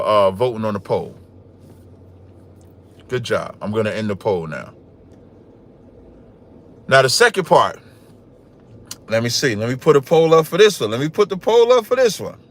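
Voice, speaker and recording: A man hosting a livestreamed podcast, talking loudly and boastfully, trash-talking and reading scripture aloud. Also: mid-range voice. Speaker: podcast host.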